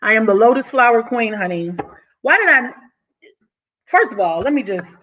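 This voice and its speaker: A woman talks straight to her channel, bubbling over with excitement and slightly out of breath. She calls her listeners honey, in a mid-range voice. The sound is dull and lo-fi. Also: medium pitch, a little fast. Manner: excited, effusive, says "honey" often. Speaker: YouTube vlogger. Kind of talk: casual vlog monologue.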